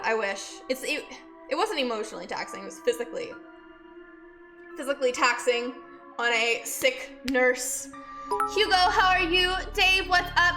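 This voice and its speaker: A woman's voice: high-pitched, pushed and bright. A woman streamer who is a nurse, sick and out of breath, chatting with her viewers and greeting them by name as she rambles through a story. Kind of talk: casual chat with live viewers. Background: faint music.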